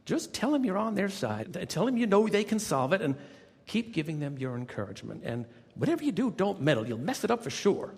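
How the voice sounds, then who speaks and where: A man's voice: high-pitched, very animated, fairly quick, vocal fry, darkish tone, husky, big-room sound, pitched above the performer's own voice, heavily acted. A man doing an older Southern woman, motherly and firm. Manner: frank, motherly advice.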